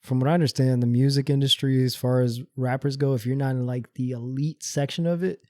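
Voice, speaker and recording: A man co-hosting a podcast with a mellow, warm tone, recorded dry and close. He talks in a thoughtful, hedging way, often restarting his sentences as he works out a point. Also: medium pitch, steady tone, fairly quick, dry recording. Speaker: podcast co-host. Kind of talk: casual chat.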